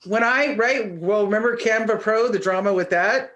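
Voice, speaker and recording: A woman's voice: medium pitch, moderate pace, fairly bright tone, muffled recording. A woman leading a question segment in a casual group chat, laughing and teasing the team.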